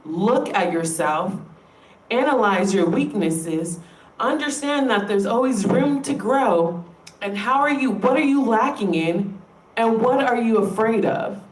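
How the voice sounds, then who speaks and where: A woman vlogger rants straight to camera, emphatic and frustrated, swearing freely to drive her point home. Her voice is fairly high and animated, her pace a little slow. The sound is roomy, as if she's far from the mic.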